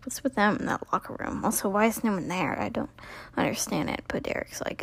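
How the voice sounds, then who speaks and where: A woman's voice: medium pitch, animated, brisk, gravelly, husky, dry recording. A young woman recapping a TV episode in a casual, rambling way, full of "like" and acted-out character lines, sounding tired.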